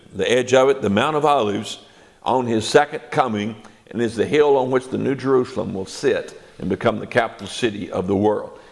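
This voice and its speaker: An older man with a gravelly, creaky voice preaches from scripture. He reads verses aloud with swelling emphasis and explains them in an animated, expressive way. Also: lowish voice. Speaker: Bible teacher. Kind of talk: sermon.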